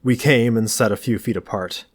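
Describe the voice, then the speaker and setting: A man reading a novel aloud in a calm, dry, understated narration. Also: lowish voice, moderate pace, breathy edge. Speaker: audiobook reader.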